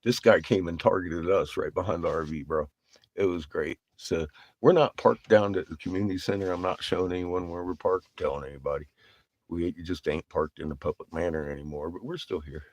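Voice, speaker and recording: Low-voiced man telling a rambling story. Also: fairly even intonation, fairly quick, a little mellow, no room sound. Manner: rambling, profane, laughs often. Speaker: vlogger. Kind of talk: casual storytelling to camera.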